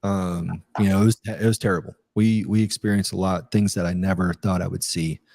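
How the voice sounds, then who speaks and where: A man's voice: low-pitched, steady tone, fairly quick, creaky, darkish tone, dry recording. A middle-aged man, a retired army captain, telling his story in a casual interview, rambling with many fillers and restarts.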